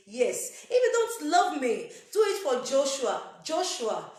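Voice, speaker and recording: A woman's voice: high voice, big pitch swings, slow pace, a little mellow. A woman with a Nigerian accent makes an emphatic, repetitive appeal to her viewers, dropping into pidgin and pouring out prayer-like blessings. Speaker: YouTube content creator. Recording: echoey room.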